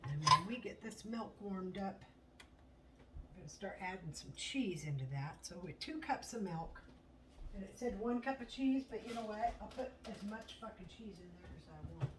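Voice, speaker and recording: Woman, casual cooking vlog, blunt and chatty, swears freely, mid-pitched, set back from the mic, noisy background. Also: expressive, normal speed, fairly bright tone. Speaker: home cooking vlogger. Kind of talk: casual kitchen chat. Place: home kitchen. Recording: distant mic with audible noise.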